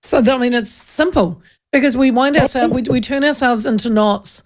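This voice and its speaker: A woman hosting a talkback radio show, chatty and emphatic, quick to agree with callers. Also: high voice. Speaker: talk radio host. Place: radio studio.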